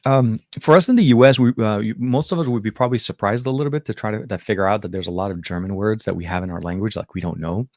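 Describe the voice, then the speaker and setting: A man's voice: fairly low pitch, fast, few pauses, a little mellow, no echo, studio quality. Lebanese-born man chatting on livestream. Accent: American with faint Arabic trace. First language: Arabic. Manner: rambling, filler-heavy, self-correcting. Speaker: tech show host. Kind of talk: casual livestream chat.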